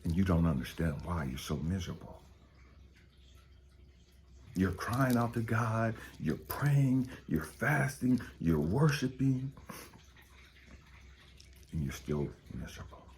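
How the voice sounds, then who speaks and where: A man with a low voice delivers a blunt, preachy motivational monologue as a spiritual coach. His pitch leaps all over, from hushed whispers to forceful, profane peaks. A faint background hum sits under his voice. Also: big pitch swings, takes it slowly, pauses often.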